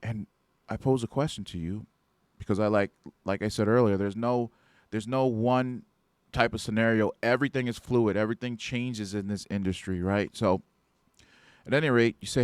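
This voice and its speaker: A man's voice: on the low side, fairly even intonation, normal speed, clean tone, no room sound. A man hosting an instructional podcast about security guard duties, talking conversationally and often checking in with "right?". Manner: conversational, keeps asking "right?". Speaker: podcast host and security trainer.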